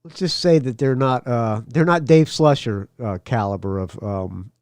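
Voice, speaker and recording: A man's voice: medium pitch, moderate pace, a little mellow, clean tone, no room sound, studio quality. A man hosting a casual podcast, rambling and profane, laughing between his asides. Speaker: podcast host. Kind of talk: casual solo podcast chat.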